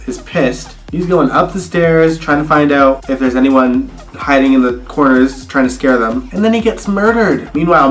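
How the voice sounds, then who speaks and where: A man's voice: medium pitch, a bit bright. A man chatting casually and expressively as he reviews a TV episode, with some swearing. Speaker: TV review vlogger.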